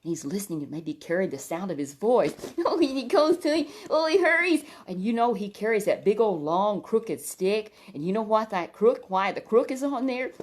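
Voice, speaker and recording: Gentle woman telling a Bible story. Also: mid-range voice, very animated, normal speed, hardly any pauses. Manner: gentle, exclamatory with frequent "oh".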